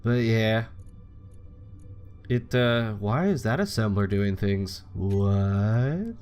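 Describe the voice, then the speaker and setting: A man's voice: on the low side, lively intonation, very slow, darkish tone, clean tone, soft background music. A young man giving casual, rambling commentary while playing a game, chatting freely and swearing now and then. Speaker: gaming channel host.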